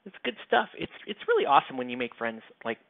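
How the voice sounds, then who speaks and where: A man's voice: on the high side, huge pitch swings, fast talker, creaky. A man hosting a miniature painting channel, chatting casually while he paints, rambling with lots of fillers and casual swearing. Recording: tinny phone-like sound, dry.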